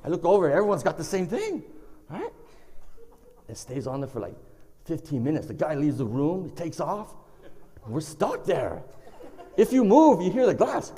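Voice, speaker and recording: A man's voice: on the high side, normal speed, long pauses. A man telling a funny personal story to a live audience, acting out voices and sounds. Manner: animated, acts out voices and sound effects. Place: stage of a performing arts center. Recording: long reverb of a performing arts hall.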